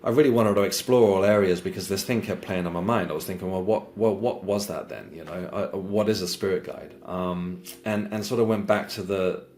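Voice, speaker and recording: Man, very low voice, hesitant storytelling, repeats words, earnest and reflective. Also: fairly even intonation, a little fast, few pauses, darkish tone, slight background noise. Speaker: guest sharing a spiritual experience. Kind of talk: conversational personal storytelling.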